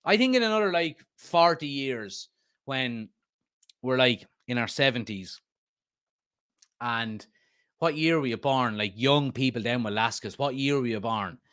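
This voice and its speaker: A man's voice: mid-range voice, lively intonation, a little slow, long pauses, fairly bright tone, smooth, dry recording, studio quality. A man, hosting a football fan live stream, reading comments aloud and rambling casually with many fillers. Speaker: host of a football fan channel.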